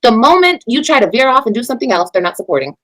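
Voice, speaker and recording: This woman speaks at a racing pace, her pitch leaping up and down, over a rough recording. She's a mother venting on a casual livestream, angrily and profanely attacking her critics while preaching at her audience, her voice going from loud to low.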